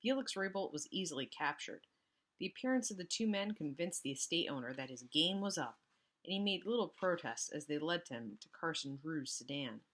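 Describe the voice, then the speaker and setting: A woman teacher reading a storybook aloud to students, expressive with casual asides. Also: sits low, moderate pace.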